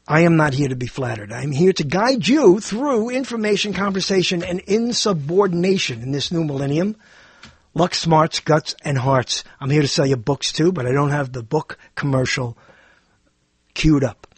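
A man's voice: a little high, breathy edge, no echo. A man hosting a talk show with a rambling, self-deprecating monologue that jumps between topics.

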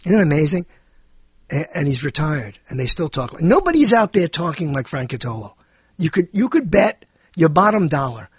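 A man's voice: a little high, sing-song, moderate pace, husky, dry recording. A man hosting a talk show with a rambling, self-deprecating monologue that jumps between topics.

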